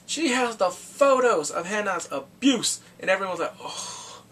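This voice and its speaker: An excitable man chats through a drama recap. His pitch swings widely as he acts out the scenes. He sits away from the mic, with a faint noise behind him. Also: normal speed, far from the mic, rough recording. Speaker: drama reviewer. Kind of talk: casual recap vlog.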